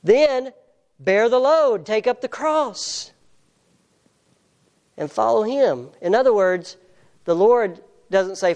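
Slow, earnest preacher. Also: mid-range voice, expressive, a little mellow. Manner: earnest and emphatic, reads scripture slowly. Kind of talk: sermon.

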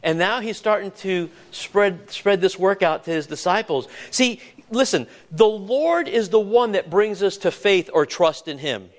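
A man with a high voice preaches a sermon in an earnest, conversational way. He often repeats and restarts his words and throws questions out to the congregation. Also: lively intonation, measured pace, few pauses.

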